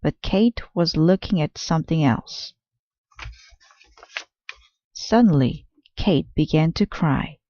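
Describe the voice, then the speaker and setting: A woman reading a children's picture book aloud with slow, careful, clear storytelling. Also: deep voice, lively intonation, dry recording, dull audio.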